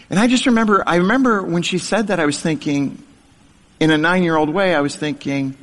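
A man's voice: high voice, very animated, unhurried, pauses often, noisy background. A middle-aged man giving a humorous testimony sermon to an audience, a self-deprecating storyteller who chuckles at his own story. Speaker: speaker sharing his testimony. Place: large hall before an audience. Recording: reverberant hall.

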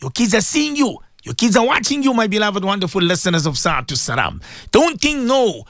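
Gravelly, animated male radio preacher. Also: sits high, brisk, dry recording, clean studio sound. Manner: emphatic, repetitive, addresses listeners directly. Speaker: religious radio presenter. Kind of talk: impassioned radio sermon.

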